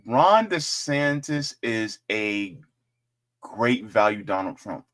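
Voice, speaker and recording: A man's voice: fairly low pitch, slow pace. Guy doing a casual politics rant for his channel, voice bounces all over, cracking jokes. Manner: joking, animated, talks to viewers directly. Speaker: political commentary host.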